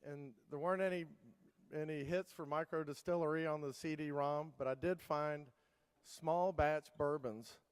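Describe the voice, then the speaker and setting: A man with a fairly high, smooth, clear voice tells his story from the stage in a keynote. He rambles, stops and starts over often. The sound carries a long hall reverb. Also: steady tone, moderate pace. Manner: rambling, many fillers and restarts. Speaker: keynote speaker.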